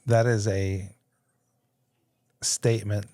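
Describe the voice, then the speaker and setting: A man's voice: on the low side, flat delivery, slow, warm tone, no room sound. A man in his thirties hosting a casual studio talk, telling a story with lots of laughter and acted-out voices. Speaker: podcast host. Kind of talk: casual conversation.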